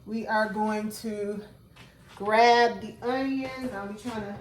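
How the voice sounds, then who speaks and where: A woman with a medium-pitched, steady voice talks slowly in an echoey room with a little hiss or hum. She's a vlogger cooking in her home kitchen, filmed by a camera on a tripod, chatting casually to her viewers and calling them "y'all."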